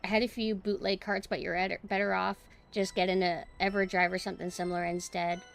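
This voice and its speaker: A woman streamer chatting casually with her viewers in a dry, deadpan monotone. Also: medium pitch, brisk, creaky.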